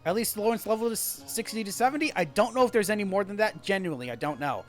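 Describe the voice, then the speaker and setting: A man hosting a let's-play, talking casually and laughing at himself, his voice hoarse after a long day. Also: sits high, expressive, fast talker, faint music behind. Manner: chatty, laughing, self-mocking. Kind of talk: gameplay commentary.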